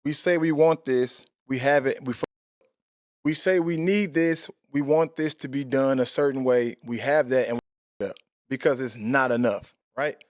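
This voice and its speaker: A man's voice: medium pitch, normal speed, dry recording, studio quality. A man in his thirties hosting a podcast, talking bluntly and profanely in casual chat. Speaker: podcast host.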